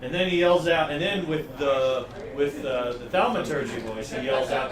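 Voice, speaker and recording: Pria pemandu permainan, suara bergema dari jauh. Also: male voice, mid-range voice, normal speed, hardly any pauses, roomy sound, far from the mic. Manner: loose, rambling, laughs often. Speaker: dungeon master. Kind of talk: narrating a tabletop game.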